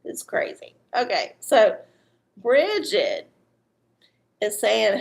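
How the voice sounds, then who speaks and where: Woman, livestream host doing readings, unhurried gravelly drawl, salty and frank, slightly weepy. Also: mid-range voice. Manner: blunt, profane and chatty. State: teary-eyed. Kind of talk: casual livestream chat.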